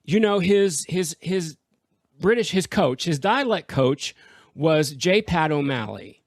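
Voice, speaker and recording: A man's voice: a little high, animated, slow pace. A chatty male podcast host talks about old movies with eager enthusiasm and frequent laughter. The sound is dry and close, with no room echo. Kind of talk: casual film discussion.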